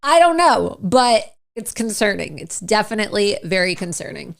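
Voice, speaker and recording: A woman's voice: medium pitch, very animated, moderate pace, vocal fry. A woman giving political opinion commentary, emphatic and repeating her points, with little chuckles in the middle of her sentences.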